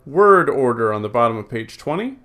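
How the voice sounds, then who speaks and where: A man teaching a recorded Greek lesson, slowly drilling word forms, reading out rules and thinking aloud with many ums and uhs. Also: mid-range voice, big pitch swings, a bit bright. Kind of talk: recorded classroom lecture.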